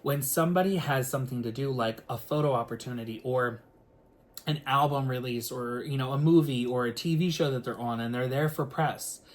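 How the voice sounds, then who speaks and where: A man, a singer, telling a story to the camera in a casual, animated way, full of filler words and the odd swear word. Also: mid-range voice, fairly quick.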